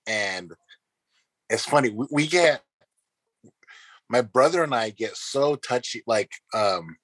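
A man hosting a podcast, telling stories in a relaxed, casual way with lots of fillers. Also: medium pitch, takes it slowly, breathy edge, no echo. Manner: relaxed storytelling with many fillers. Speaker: podcast host. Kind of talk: casual chat.

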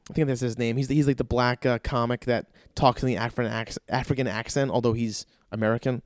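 A man's voice: medium pitch, steady tone, a little fast, no echo, studio quality. A man in his thirties doing a profane, rambling comedic rant and jumping into other people's voices. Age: 30s. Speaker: stand-up comedian.

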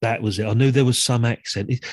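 A man's voice: mid-range voice, fairly even intonation, fast, darkish tone, no echo, studio quality. A man co-hosting a podcast, thinking aloud about old comedy films and laughing often. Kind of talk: casual film chat.

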